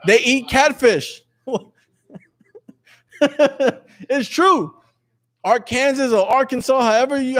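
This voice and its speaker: A man teaching a lesson to a class, quizzing his students in a jokey way and reading passages aloud. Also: very high-pitched. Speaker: religious teacher.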